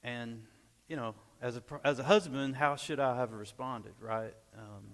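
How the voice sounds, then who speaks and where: A man in his forties from Arkansas, telling a lively personal story at church and acting out the dialogue. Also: mid-range voice, normal speed. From Arkansas, USA. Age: 40s. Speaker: church speaker. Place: church sanctuary. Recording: echoey church hall.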